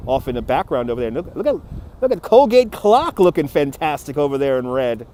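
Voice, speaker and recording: A man's voice: mid-range voice, big pitch swings, brisk, warm tone, slight background noise. Chatty New man livestreaming outdoors. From New York City. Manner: chatty, greets viewers by name, laughs easily. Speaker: livestream host. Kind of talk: live walking-tour chat reading viewer comments. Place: outdoors on a city riverfront. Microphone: phone on a handheld gimbal.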